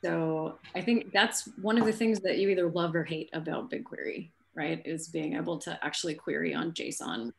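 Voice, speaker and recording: A woman's voice: deep voice, moderate pace, gravelly, few pauses. A woman giving a casual tech talk over a video call, answering questions with frequent ums. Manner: casual, relaxed, with frequent um fillers. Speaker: speaker at a tech meetup.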